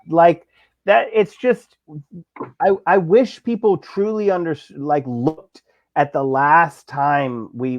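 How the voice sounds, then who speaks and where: A man's voice: on the high side, no echo. A man from Pittsburgh, a labor reporter on a political talk show, speaking with passion and sarcasm, with many fillers and restarts. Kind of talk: casual political chat. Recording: dull, lo-fi dry sound.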